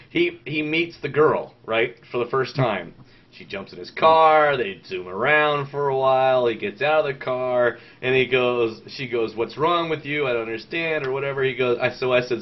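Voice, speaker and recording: Rambling man with lots of fillers. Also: mid-range voice. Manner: rambling, animated, swears, halting with fillers. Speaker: podcast host. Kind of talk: casual chat. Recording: dull lo-fi sound with faint noise.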